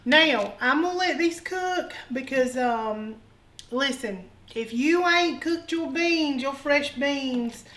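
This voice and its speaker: A woman's voice: sits high, lively intonation, slow, fairly bright tone, rough recording. A woman hosting a home cooking show, talking in a folksy, joking way and calling viewers honey. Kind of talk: casual cooking demonstration. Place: home kitchen.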